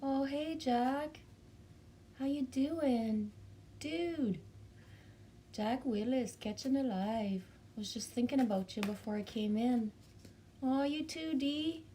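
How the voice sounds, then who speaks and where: A woman's voice: fairly high pitch, a little slow, warm tone, a little hiss or hum. Bubbly Canadian woman chatting live. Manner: bubbly, chatty, greets viewers by name, swears casually. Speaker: livestream host reading chat. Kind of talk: casual live chat.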